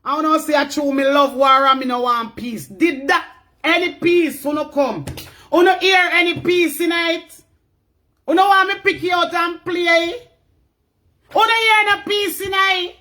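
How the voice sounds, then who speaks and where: Woman, Jamaican accent, livestream rant, angry, shouting, high voice, sharp bright tone. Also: fairly even intonation, measured pace. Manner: angry, shouting, repeating herself. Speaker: livestream talker.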